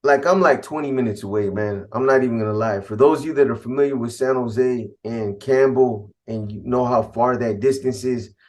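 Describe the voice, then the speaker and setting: A middle-aged man from California telling a story from his past in blunt, profane street talk, getting animated when he quotes himself. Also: mid-range voice, normal speed, few pauses. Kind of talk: casual spoken storytelling.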